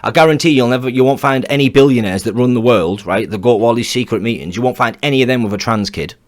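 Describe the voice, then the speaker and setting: A man's voice: medium pitch, fast. A man giving a heated, blunt reaction commentary, swearing and repeating himself as he rants.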